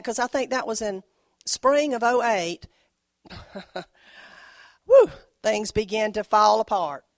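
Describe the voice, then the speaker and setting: A woman from the United States preaching a prophetic sermon, fervent and exhorting, swinging between soft and loud. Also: fairly high pitch, no room sound, clean studio sound.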